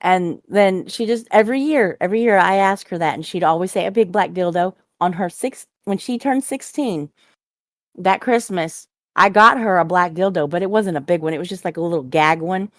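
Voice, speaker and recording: Low-voiced woman telling a crude story. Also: normal speed, no echo, studio quality. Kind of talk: casual chat.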